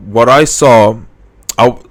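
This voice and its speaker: A man's voice: medium pitch, a little slow. A young man hosting a podcast, chatting casually and telling rambling stories with frequent restarts. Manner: relaxed, rambling storytelling with restarts. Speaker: podcast host. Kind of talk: casual chat.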